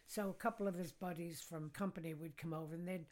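An older American woman tells rambling personal stories as a podcast guest. Her voice sits low for a woman, and she chuckles at her own jokes as she goes. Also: steady tone, quick pace, a little mellow. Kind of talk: casual storytelling.

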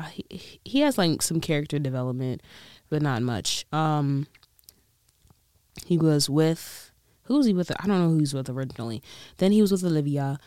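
A woman's voice: low voice, darkish tone, clear, resonant tone, no echo, clean studio sound. A woman chatting casually in a solo vlog, rambling, restarting and laughing as she goes. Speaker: vlogger.

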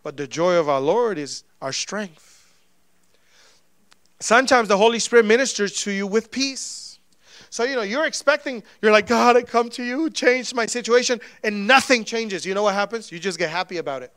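Casting note: male pastor with a high voice, preaching casually with sudden loud and soft swings, dry close sound. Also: animated, moderate pace, dry recording. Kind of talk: sermon.

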